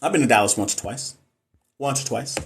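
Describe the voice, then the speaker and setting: A man's voice: mid-range voice, a little fast. A man from Texas, chatting casually and jokingly on a live stream as a nurse educator, reading and answering viewer comments.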